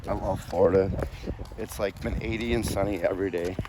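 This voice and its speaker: A man's voice: low-pitched, fairly even intonation, fairly quick, heavy background noise. A man vlogging in a casual, rambling way, chatting and jumping from one topic to the next. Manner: chatty, scattered, jumps between topics. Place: at home, then outdoors in a store parking lot.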